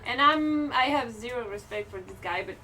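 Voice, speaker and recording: A woman's voice: on the high side, lively intonation, normal speed, bright, forceful tone. A woman player at a tabletop game, chatty and a bit hesitant as she describes her moves. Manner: chatty and hesitant, with restarts and laughter. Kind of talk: casual tabletop play. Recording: distant mic with faint background noise.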